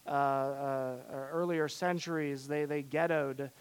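A male pastor from the southern suburbs of Chicago preaching a sermon, swinging between loud emphasis and hushed passages. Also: fairly high pitch, fairly even intonation, slow pace, smooth.

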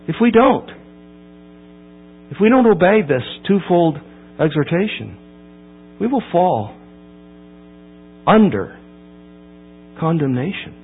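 A man preaching a sermon verse by verse, emphatic and building to loud peaks before dropping low. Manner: emphatic, rising to near-shouting at key points. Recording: tinny phone-like line with mains hum.

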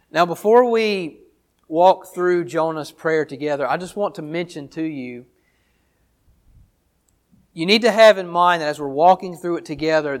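High-voiced man preaching a sermon. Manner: earnest teaching tone, repeats phrases while explaining. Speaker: pastor. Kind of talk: sermon, Bible reading and exposition.

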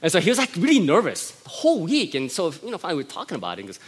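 A man's voice: on the high side, very animated, rapid-fire, husky. A middle-aged man, a pastor, preaching a sermon in a conversational style, telling family stories with frequent laughs.

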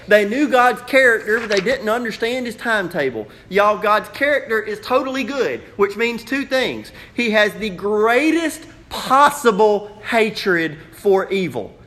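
A man preaching a sermon to a congregation, animated and playful, acting out questions in raised voices. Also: high-pitched. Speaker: pastor. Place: church sanctuary.

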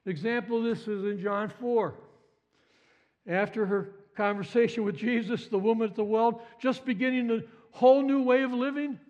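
A man preaching a sermon with passion, swinging from hushed repetition to excited exclamation. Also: extremely high pitch, moderate pace, highs cut off. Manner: impassioned, swings from hushed to exclaiming, repeats phrases.

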